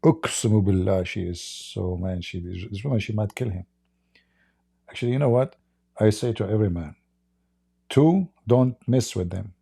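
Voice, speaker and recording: A man's voice: on the low side, normal speed, creaky, long pauses, mellow, breathy edge, no room sound, clean studio sound. A man hosting a livestream, giving sarcastic, joking commentary on a video clip and laughing often. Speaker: livestream host.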